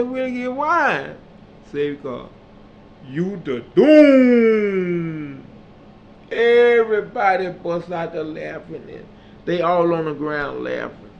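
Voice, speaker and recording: A man telling a personal story as a monologue, acting out the dialogue and building to loud, emphatic peaks. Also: sits high, creaky. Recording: slightly dull audio with faint background hum.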